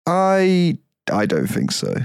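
A man's voice: high-pitched, huge pitch swings, slow pace, gravelly, smooth, dry recording, studio quality. A man co-hosting a podcast in casual chat, swearing freely and rambling through half-finished, self-correcting sentences. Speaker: podcast co-host.

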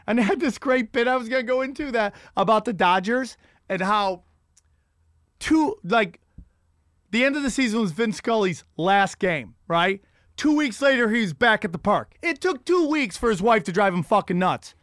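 A man's voice: high-pitched, expressive, moderate pace, a bit bright, no room sound, studio quality. A man telling rambling, profane stand-up stories on a podcast, with frequent restarts. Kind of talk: casual profane storytelling.

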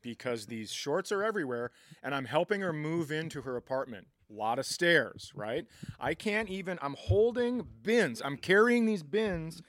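A middle-aged comedy podcast co-host, a man who tells stories in a dry, deadpan way. His voice sits slightly high, and he is heard close on a studio mic in a dry room. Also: moderate pace, no echo. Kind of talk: casual comedic chat.

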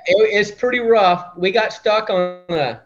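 A laid-back man from Iowa, chatting plainly as a guest. His voice sits a bit high. The audio is dull and lo-fi. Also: slow pace. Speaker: hunting outfitter guest. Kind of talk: casual chat.

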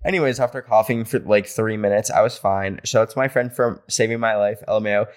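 A man hosting a podcast, reading listener stories aloud and reacting playfully with animated asides. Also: on the low side, fast talker. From rural area. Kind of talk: casual podcast chat.

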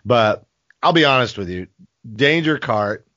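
A man's voice: medium pitch, expressive, a little slow, a bit bright, no echo. A man co-hosting a sports podcast in casual talk, blunt and fired up, cursing freely. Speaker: podcast co-host. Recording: dull dry lo-fi podcast audio.

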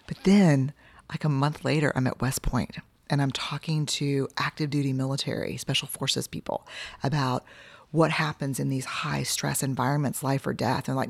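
A woman's voice: extremely low pitch, brisk, dry recording. A woman guest in casual conversation, telling stories with energy, acting out other people's lines and swearing casually. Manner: animated storyteller, acts out quoted voices, casual swearing.

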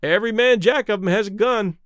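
A man's voice: sits high, a little fast, a bit bright, dry recording, clean studio sound, pitched above the performer's own voice. A man voicing a cheerful deckhand who talks in a breezy, matter-of-fact way. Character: cheerful deckhand sailor, unbothered by danger.

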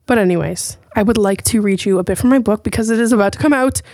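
A woman hosting her own podcast, talking casually and telling stories with lively, profane chatter. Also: medium pitch, quick pace, dry recording, clean studio sound. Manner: chatty, swears freely, animated storytelling. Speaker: podcast host. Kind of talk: casual chat.

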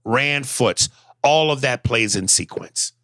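A man co-hosting a podcast, chatting casually with animated, profane storytelling and reading listener messages aloud. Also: mid-range voice, slow pace, no echo, clean studio sound. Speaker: podcast co-host. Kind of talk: casual chat.

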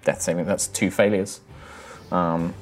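A man's voice: deep voice, fairly even intonation, a little slow, soft background music. A man narrating as game master of a tabletop game, in a loose, conversational way.

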